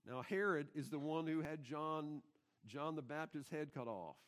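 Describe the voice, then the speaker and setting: A middle-aged man preaching in a church, his voice sitting a little high for a man. He delivers the sermon emphatically and keeps turning to the congregation with rhetorical questions. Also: measured pace. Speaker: pastor. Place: church sanctuary.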